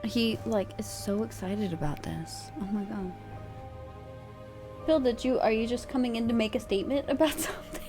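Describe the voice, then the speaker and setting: A woman's voice: on the high side, normal speed, music in the background. A woman streamer chatting casually in a rambling way, laughing easily. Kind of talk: casual chat.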